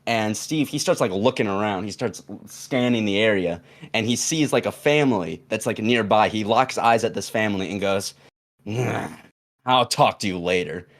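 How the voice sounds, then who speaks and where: A man's voice: fairly low pitch, normal speed. A young man casually telling a long story on a podcast, rambling with fillers and restarts and acting out the quoted lines. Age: young adult.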